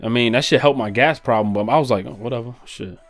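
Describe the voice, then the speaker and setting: A man's voice: medium pitch, quick pace, faint music behind. A man telling a profane, slangy story in a casual vlog. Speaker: vlogger.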